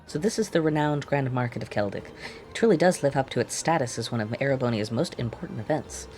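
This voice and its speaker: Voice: mid-range voice, expressive, fast talker, a little mellow, faint music behind, natural voice. Streamer reading a pompous noble baron. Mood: haughty.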